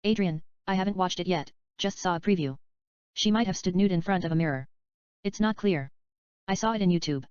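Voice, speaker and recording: A woman reads the part of a chatty, daydreaming adult male screenwriter rambling through his ideas, her smooth, slightly low, near-everyday voice hardly changing for the role. She speaks fairly quickly with a little mellowness. The recording is dry and close with no room sound, a bit dull and slightly lo-fi.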